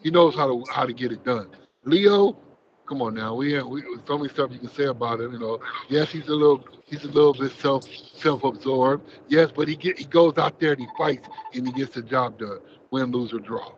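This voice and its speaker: A man's voice: mid-range voice, fairly quick, dull audio, slight background noise. A man co-hosting a wrestling panel, rambling and restarting as he breaks down the fighters. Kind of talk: casual sports chat.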